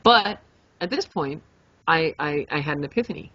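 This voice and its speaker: A young adult woman co-hosting a podcast, telling a story in a lively, animated way, swearing freely and acting out her own reactions. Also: low-pitched, normal speed, dry recording. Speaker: podcast co-host. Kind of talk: casual storytelling chat. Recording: dull lo-fi podcast mic.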